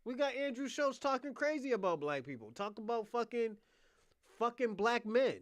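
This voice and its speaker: A young adult man hosting a livestream, delivering a combative, profane rant that swings between loud outbursts and muttered asides. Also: very high-pitched, sing-song, normal speed, dry recording. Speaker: podcast host.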